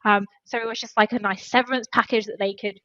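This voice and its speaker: Higher-voiced woman telling an emotional story. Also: fairly even intonation, fast, a bit bright, no room sound, highs cut off. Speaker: podcast guest, former HR specialist. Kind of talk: conversational storytelling.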